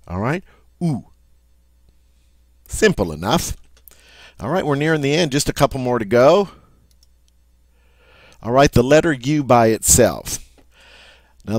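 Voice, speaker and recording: A man's voice: mid-range voice, dry recording. A man teaching French pronunciation, patiently modeling each sound and checking in with "all right?" as he goes. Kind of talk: pronunciation lesson.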